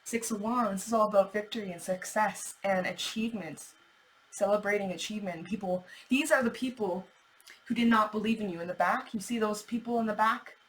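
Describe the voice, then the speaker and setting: A woman's voice: medium pitch, fairly quick, rough recording. A woman giving a casual tarot reading, chatty and thinking aloud, with the odd swear word. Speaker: tarot reader.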